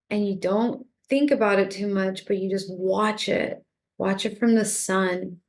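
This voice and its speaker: A woman giving a calm spiritual talk as a teacher, gently coaxing and repeating herself as she guides listeners through a meditation practice. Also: medium pitch.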